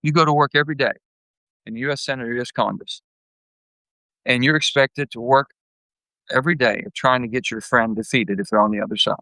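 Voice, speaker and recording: An older man, a guest telling blunt, folksy stories and acting out his anecdotes with lively jumps in pitch. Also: brisk, long pauses, dry recording, low-quality recording. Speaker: guest, former senator. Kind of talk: candid storytelling interview.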